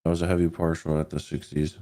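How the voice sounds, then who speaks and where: A low-pitched man calls market moves on a live stream, casual and a bit profane. His voice is dark and mellow, and he stays focused on the charts. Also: level tone, fast. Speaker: co-host trader. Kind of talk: live trading commentary.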